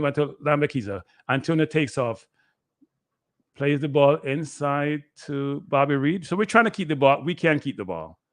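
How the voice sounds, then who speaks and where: A man, a guest analyst giving excitable live play-by-play commentary on a match he is watching. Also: medium pitch, dry recording. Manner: excitable, play-by-play that bursts into shouting.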